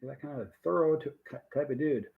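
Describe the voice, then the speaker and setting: Rambling folksy male stream host, fairly high voice, slightly muffled lo-fi audio. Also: brisk, vocal fry. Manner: rambling, folksy, reads viewer comments aloud. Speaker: livestream host reading viewer chat. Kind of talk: casual chat.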